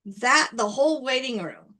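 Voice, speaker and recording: A woman motivational speaker telling a personal story in a gentle manner, often repeating words as she goes. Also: sits high. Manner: gentle, unhurried, repeats words while recounting.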